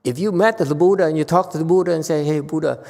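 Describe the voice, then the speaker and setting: A man's voice: a little high, fast talker, a little mellow. A man teaching as a Buddhist master in a Dharma lecture, teasing and blunt with his listeners and laughing often. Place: temple lecture hall. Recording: long hall reverb.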